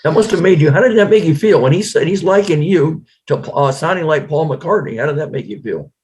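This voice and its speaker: A man hosting a casual interview, asking quick short questions and reacting briefly. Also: a little high, animated, a little mellow. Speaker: host.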